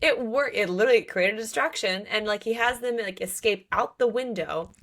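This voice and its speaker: A woman's voice: on the high side, a little fast. Chatty woman hosting a book podcast. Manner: animated, lots of "like", playful swearing. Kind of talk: casual book chat.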